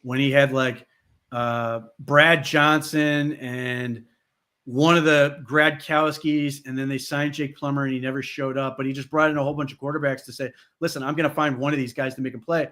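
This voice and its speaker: A man's voice: medium pitch, level tone, normal speed, sharp tone. A man co-hosting a sports podcast, talking casually with lots of "like" and "you know". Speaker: podcast co-host.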